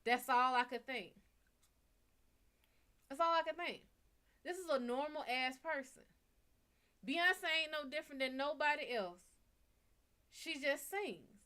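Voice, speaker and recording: A young woman with a Bayou accent, talking in a blunt, profane, animated way on a casual live stream. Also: a little slow, pauses often. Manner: blunt, animated and profane, swinging from loud to low. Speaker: live stream reader and host.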